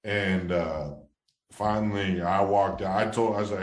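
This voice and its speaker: Low-voiced male guest, thirties, rambling storyteller, roomy sound. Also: a little slow. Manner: rambling, many restarts, low-key then excited. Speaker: former baseball player, guest. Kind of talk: casual storytelling interview.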